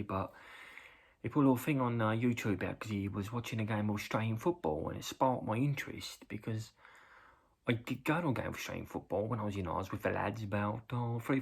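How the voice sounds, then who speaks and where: A middle-aged man with an English accent spins a loose, rambling story, full of "uh"s, and he breaks into loud acted quotes. His voice has a gravelly, husky edge to it. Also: fairly low pitch. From England. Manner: rambling anecdote with many fillers, jumping into loud acted quotes. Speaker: vlogger reacting to a video. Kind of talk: casual storytelling.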